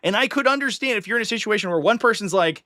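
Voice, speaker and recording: A man's voice: high-pitched, animated, very fast, sharp tone, no echo, clean studio sound. A man hosting a live stream, talking in a chatty, opinionated way and offering casual commentary. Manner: chatty and opinionated, slips into mock voices of others.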